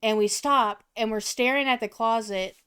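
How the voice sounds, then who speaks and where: A woman's voice: on the high side, moderate pace, bright, forceful tone, clear, resonant tone, no room sound, clean studio sound. A woman in her twenties co-hosting a podcast, telling a story casually with lots of swearing and fillers. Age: 20s. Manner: profane, meandering storyteller with many fillers. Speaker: podcast co-host.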